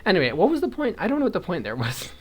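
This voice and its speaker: A young man, a vlogger, crochets while chatting casually, thinking aloud as he counts stitches, chuckling often and rambling off on tangents. His voice sits high and husky, racing along with huge swings in pitch.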